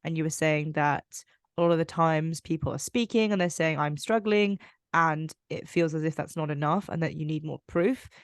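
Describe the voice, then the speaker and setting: A woman's voice: low voice, steady tone, normal speed, no room sound. Thoughtful woman podcast host, dry sound. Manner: reflective, summarizing, many fillers. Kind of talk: podcast interview.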